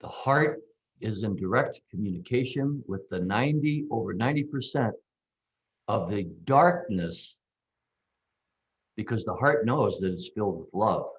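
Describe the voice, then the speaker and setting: A man offers an unhurried, playful reflection on a community call, stressing key words as he builds his point. His voice sits low. The call audio is dull and lo-fi. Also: lively intonation. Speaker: call participant. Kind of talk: reflective talk on a group call.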